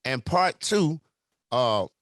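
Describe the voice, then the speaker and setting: A man's voice: mid-range voice, big pitch swings, a bit bright, dry recording. Joking male radio host, dry sound. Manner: joking, laughs along, quick questions. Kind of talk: casual radio interview.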